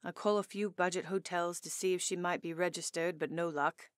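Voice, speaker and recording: A woman's voice: fairly low pitch, fairly even intonation, brisk, no echo. A woman narrating a first-person romance audiobook in an intimate, earnest storytelling manner, on a close studio mic.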